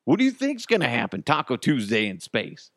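A man's voice: medium pitch, wildly swooping pitch, fairly quick, fairly bright tone, dry recording, clean studio sound, voice pushed up, heavily acted. A man voicing a sheepish male astronaut who hesitantly owns up to breaking something. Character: sheepish male astronaut confessing he broke toilet.

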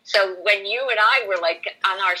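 A woman's voice: medium pitch, moderate pace, pushed and bright, low-quality recording. A woman who works in voiceover, chatting eagerly as a podcast guest, full of "like" and "you know". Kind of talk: casual conversation.

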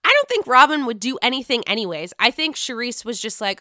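Bright, crisp-voiced chatty woman. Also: fairly high pitch, brisk, no room sound, clean studio sound. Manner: chatty, profane, animated retelling. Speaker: podcast host recapping reality TV. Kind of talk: casual chat.

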